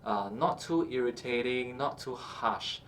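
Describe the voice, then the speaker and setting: A man teaching singing, explaining calmly with many fillers and checking in with "okay" as he goes. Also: medium pitch, a little slow, a little hiss or hum. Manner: explains calmly with frequent uh and okay, breaks into short sung examples. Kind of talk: instructional talk with sung demonstrations.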